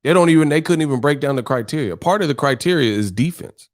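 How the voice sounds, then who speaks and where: A man's voice: fairly high pitch, expressive, fast. Blunt, foul-mouthed male streamer. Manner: blunt, combative, heavy cursing. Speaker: boxing streamer host. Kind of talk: casual live-stream rant.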